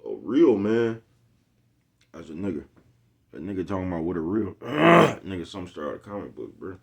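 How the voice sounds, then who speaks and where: A man's voice: sits low, sing-song, moderate pace, vocal fry. A man ranting to camera in a rambling, profane way, full of slang and repetition, always checking if you get him. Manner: rambling, profane, keeps asking "you know what I'm talking about"; streetwise slang, repeats himself. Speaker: vlogger. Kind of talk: unscripted rant to camera.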